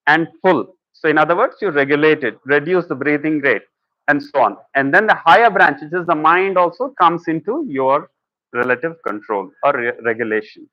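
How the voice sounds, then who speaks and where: A man talks through a spiritual lecture in a loose, conversational way. His voice sits a little high. The recording is dry and somewhat muffled. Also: expressive, moderate pace, no echo. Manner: conversational, storytelling with acted quotes. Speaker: speaker at a talk.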